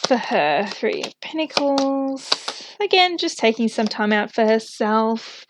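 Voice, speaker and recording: A woman's voice: on the high side, big pitch swings, measured pace. A young woman giving a casual tarot reading, thinking aloud with lots of fillers and small laughs. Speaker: tarot reader.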